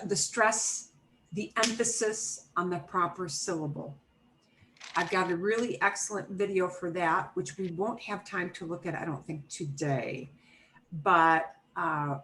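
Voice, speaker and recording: A woman's voice: lowish voice, a bit bright, slight background noise, rough recording. A middle-aged woman teaching an online Spanish class, explaining grammar patiently step by step with everyday examples over a video call.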